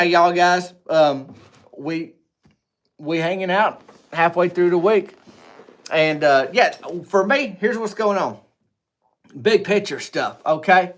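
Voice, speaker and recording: A man hosting a casual livestream, rambling and joking with viewers, swinging between loud greetings and low asides. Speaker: livestream host. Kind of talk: casual live chat with viewers.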